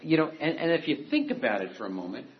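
A man's voice: medium pitch, huge pitch swings, fast talker, noisy background. A man giving a classroom lecture, talking in a discursive, conversational way with many asides and restarts. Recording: echoey room from a distance, dull and muffled.

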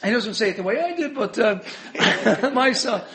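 A rabbi giving a Torah lecture in a very high, light voice. He talks fast and in an animated way, chuckling as he goes and mixing in Hebrew and Yiddish terms. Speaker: rabbi teaching a Torah class.

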